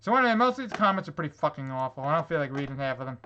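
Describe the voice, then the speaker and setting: A man's voice: on the high side, very animated, racing, bright, forceful tone, muffled recording, a little hiss or hum. A man reading online comments aloud in a vlog and reacting to them with sarcastic, swearing exasperation. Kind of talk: angry rant reacting to comments.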